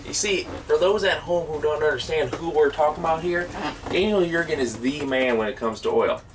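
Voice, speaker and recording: A boastful small-time oil boss with a drawl, folksy and quick to get flustered, played by a man. His voice sits a little high and reaches the mic from some distance. A steady background noise hums under the mockumentary recording. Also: close to an everyday voice. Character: blustering small-time male oil boss, self-important. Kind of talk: mockumentary comedy. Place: cramped old camper.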